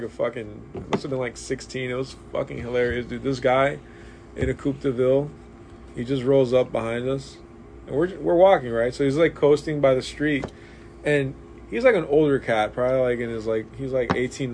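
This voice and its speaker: A man's voice: mid-range voice, fairly even intonation, brisk, darkish tone. Laid-back man with faint room noise. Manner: laid-back, profane storyteller saying "dude" and "like". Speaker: guest. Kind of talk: casual chat. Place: comic shop.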